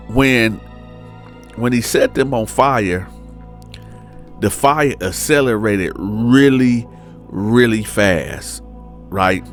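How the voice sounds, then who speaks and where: A man casually telling a true-crime story in colloquial slang, often checking in with "right?". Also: fairly low pitch.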